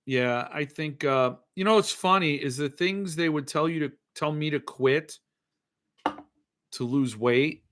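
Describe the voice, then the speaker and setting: Give me a middle-aged man with a bright, slightly high voice, rambling and self-mocking as a podcast host. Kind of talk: casual chat.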